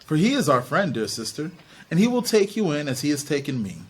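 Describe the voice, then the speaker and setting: A man's voice: fairly high pitch, big pitch swings, fairly quick, breathy edge. A man voicing a possessed little boy who speaks in a bland, coaxing, falsely reasonable way.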